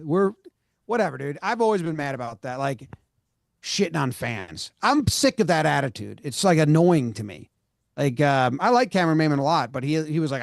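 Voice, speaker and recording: A fired-up man rants on a casual sports podcast, swearing and exasperated. His voice sits a little high for a man. The sound is dry and close, with no room in it. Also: lively intonation, normal speed, vocal fry, no echo. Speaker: podcast co-host.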